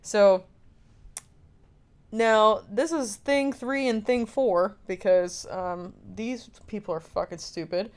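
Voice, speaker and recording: A young woman tells a film's story in a loose, chatty way, peppering her sentences with fillers and the occasional curse. Her voice is smooth and clear, sitting at an ordinary pitch for a woman. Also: slow pace. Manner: casual, filler-heavy storytelling with frequent "like" and swearing. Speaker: film recapper. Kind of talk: casual film recap.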